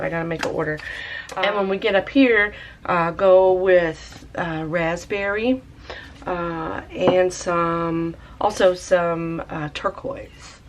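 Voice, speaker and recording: On a muffled recording with faint background noise, a woman with a lowish voice chats through a tie dye session. Her casual craft demo rambles along, packed with fillers.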